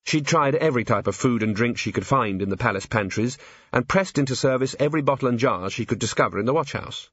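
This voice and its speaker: A man with a husky voice giving scripted audiobook narration in a dry, measured manner. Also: mid-range voice, a bit bright, no echo, muffled recording.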